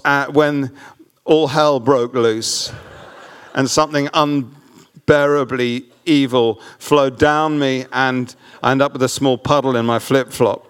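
Man, pastor, sermon, self-deprecating humor, smooth resonant voice. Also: medium pitch, fairly bright tone. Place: church hall with audience.

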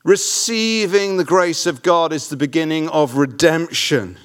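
A man's voice: a little high, a little slow. A man preaching a sermon to a church congregation, mixing funny self-deprecating family stories with his message. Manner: humorous, self-deprecating storytelling. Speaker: pastor. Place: church hall with audience.

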